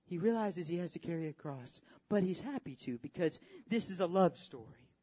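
A preacher delivering a dramatic sermon, repeating phrases for emphasis and swinging from hushed tones to shouts, recorded at a church service. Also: medium pitch, lively intonation, normal speed, husky. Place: church service with worship team. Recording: dull lo-fi audio with faint music.

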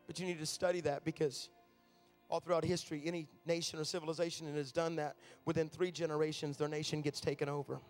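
A man's voice: fairly high pitch, level tone, fast talker, faint music behind. A man, a traveling minister, preaching a sermon from a stage in a large room, telling stories in a conversational way.

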